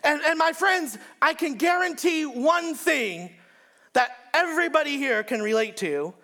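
A male pastor preaching a sermon in an emphatic style, repeating phrases and swinging between shouts and hushed lines. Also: very high voice, animated, a little slow.

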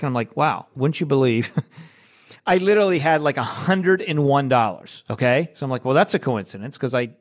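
Chatty man telling a faith story. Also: mid-range voice. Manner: chatty and conversational, with tag questions and laughs. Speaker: podcast host. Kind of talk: casual faith-based storytelling.

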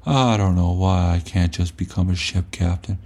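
A man's voice: low-pitched, moderate pace, darkish tone, pitched below the performer's own voice. A man putting on the voice of a fretful, self-pitying man moaning about his failures. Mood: whiny. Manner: moaning, mock-pathetic.

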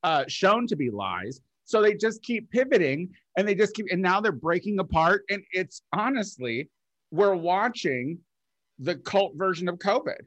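A man's voice: high-pitched, animated, unhurried, fairly bright tone, no echo. A man co-hosting a podcast in casual chat, rambling with lots of fillers and swearing. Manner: rambling, profane, many filler likes. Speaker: podcast co-host.

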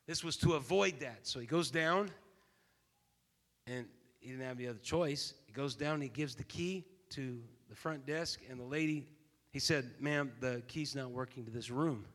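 A man in his fifties preaching a sermon as a pastor, telling a story and then building to loud, emphatic preaching. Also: medium pitch, moderate pace. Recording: long reverb of a large hall.

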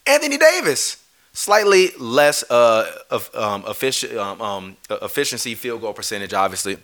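A man's voice: fairly low pitch, animated, moderate pace, fairly bright tone. A man ranting on a live stream, heated and swearing, often breaking off to apologize. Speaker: streamer ranting about basketball.

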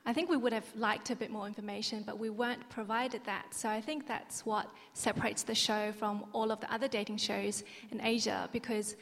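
A woman's voice: on the high side, flat delivery, a little fast, few pauses, a bit bright. A woman contestant on a panel, speaking fluently and earnestly, leaning on "um" and "I think". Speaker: dating show contestant. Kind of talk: panel discussion. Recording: echoey hall on stage.

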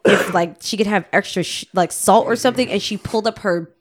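Female co-host, blunt jokey banter, quick laughs. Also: mid-range voice. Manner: blunt, joking, bursts into laughter. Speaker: podcast co-host. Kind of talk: casual chat.

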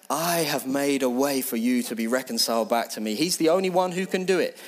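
A man preaching a sermon as pastor, building passion through repeated phrases and then sinking to a hushed, near-whispered prayer. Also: mid-range voice, brisk, few pauses.

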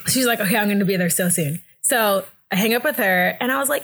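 A young woman telling a story in a casual chat, animated and laughing often, acting out the other people's voices. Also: very fast, few pauses. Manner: animated, acts out voices with big pitch jumps, laughs often. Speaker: guest telling a birth story.

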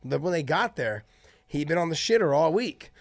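A man tells fight stories in a loose, profane podcast chat. His voice sits a little high and he gets animated. The sound is dry and close, with no room around it. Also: normal speed, no room sound. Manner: animated storytelling, swears freely. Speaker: podcast co-host and former fighter. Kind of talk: casual chat.

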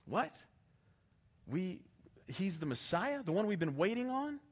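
A male preacher playing a bewildered pilgrim at Pentecost, soft and raised in pitch, tumbling out incredulous questions. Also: big pitch swings, unhurried, full character voice.

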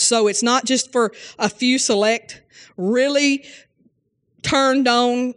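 A woman's voice: a little high, fairly even intonation, unhurried. A woman Bible teacher preaching a fervent sermon in folksy language, often exclaiming hallelujah and amen and questioning her listeners directly. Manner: questions listeners directly and calls on them by name; folksy, homespun phrasing.

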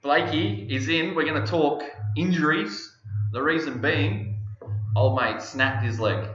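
A young Australian man hosts a casual podcast, with a bright, forward tone. He rambles and jokes in a loose, easy way. The room is echoey and the sound is slightly dull and lo-fi. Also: a little high, measured pace, slight background noise. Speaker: podcast host and fitness coach.

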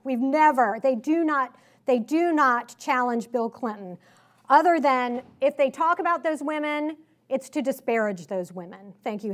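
A woman with a slight Southern accent giving a political speech to a live audience, emphatic and sarcastic, full of rhetorical questions. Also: high voice. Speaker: conference speaker. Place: conference hall.

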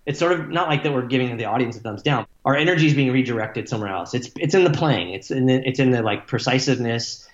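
A man's voice: medium pitch, fast, few pauses. A man answers interview questions in a loose, wandering way, swearing freely and leaning on fillers. His voice carries a roomy echo, and the sound is slightly dull. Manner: rambling, profane, many fillers like "like" and "you know". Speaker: musician guest. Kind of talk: casual interview talk.

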